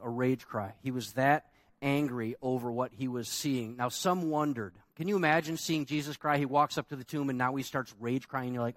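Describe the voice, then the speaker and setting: A man's voice: medium pitch, no echo. A man preaching a sermon as pastor, emphatic and conversational, asking the congregation rhetorical questions.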